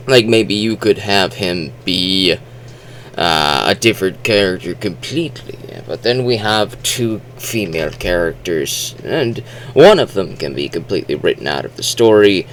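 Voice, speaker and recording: A man's voice: low-pitched, a little hiss or hum. A man reviewing a movie in a rambling, chatty way, full of fillers and restarts, now and then acting out lines in put-on voices. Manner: acts out quotes in animated voices. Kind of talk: casual spoken movie review.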